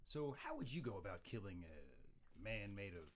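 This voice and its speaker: A man's voice: fairly low pitch, sing-song, normal speed. A man playing a tabletop game, cocky and joking as he speaks for his character. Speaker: player. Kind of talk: tabletop role-play.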